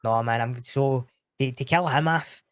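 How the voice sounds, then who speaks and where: A Scottish podcast guest who does roleplay streaming speaks at a measured pace in a medium-pitched, fairly bright voice that's clear and resonant. The studio sound is clean with no echo. His casual chat is slangy, full of laughter and free swearing.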